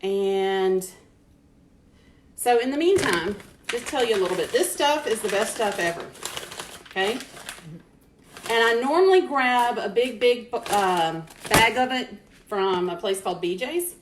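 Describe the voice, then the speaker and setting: A woman's voice: mid-range voice, animated, a little slow, long pauses. Chatty woman cooking in an echoey kitchen. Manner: chatty, greets viewers by name, laughs often. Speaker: host cooking on a live stream. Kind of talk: casual live cooking chat. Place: home kitchen. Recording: echoey kitchen with faint noise.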